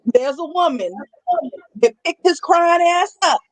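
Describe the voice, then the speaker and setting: A woman's voice: extremely high pitch, animated, unhurried. A woman on a podcast chiming in during casual chat with wry, knowing comments. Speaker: podcast co-host.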